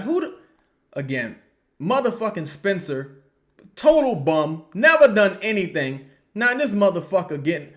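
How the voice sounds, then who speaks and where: Young male streamer, high-ish bright voice, loud profane live game reactions. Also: unhurried. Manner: profane, animated, yells at plays; answers viewer questions. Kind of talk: casual live reaction commentary.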